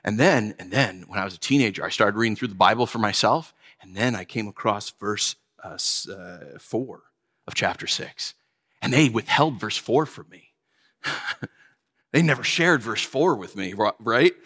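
Joking pastor with a bright voice. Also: male voice, lowish voice, normal speed, husky. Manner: conversational, joking, acts out little stories. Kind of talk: sermon. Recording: long hall reverb.

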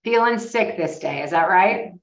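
A woman's voice: lowish voice, animated, moderate pace, creaky. A woman hosting a casual interview in an upbeat, encouraging way. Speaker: host. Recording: echoey, distant, dull mic.

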